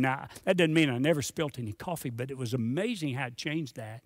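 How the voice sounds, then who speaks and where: A man's voice: mid-range voice, expressive, fairly quick, few pauses, dry recording, studio quality. A middle-aged man preaching a sermon as a pastor, earnest and conversational, repeating words for emphasis.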